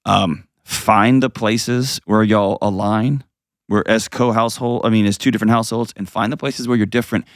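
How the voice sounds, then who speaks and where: A middle-aged man with a very low, gravelly voice gives advice to callers. He speaks earnestly and hammers his points home by repeating them. The sound is dry and close. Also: steady tone, moderate pace, dry recording. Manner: earnest, emphatic, repeats phrases for stress. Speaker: call-in show host and counselor. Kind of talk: call-in advice talk.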